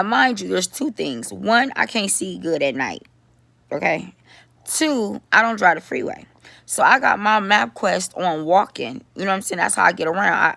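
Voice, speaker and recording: A middle-aged woman telling a story in a casual vlog, animated, talking to her viewers and swearing freely. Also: medium pitch, creaky, no echo. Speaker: vlogger.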